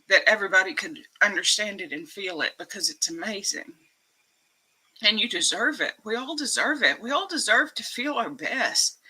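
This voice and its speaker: A woman's voice: medium pitch, bright, forceful tone, husky. A woman hosting a casual livestream from home, emotional and upbeat, laughing often as she chats. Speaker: livestream host.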